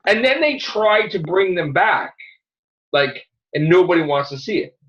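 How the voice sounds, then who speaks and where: A man hosting a casual podcast, ranting excitedly and swearing a lot. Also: high-pitched, measured pace, lo-fi sound. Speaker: show host.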